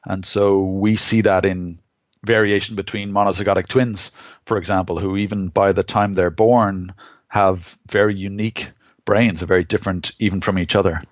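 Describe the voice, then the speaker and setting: A man's voice: sits low, fairly even intonation, normal speed, no room sound, lo-fi sound. A man with an Irish accent, a scientist being interviewed on a podcast, who explains things thoughtfully and often restarts his sentences. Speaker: scientist guest.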